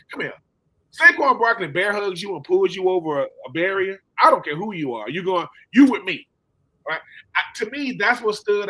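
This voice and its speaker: A man hosting a casual sports chat, telling animated stories and acting out quotes in slangy talk. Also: high-pitched. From Philadelphia. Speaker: podcast host.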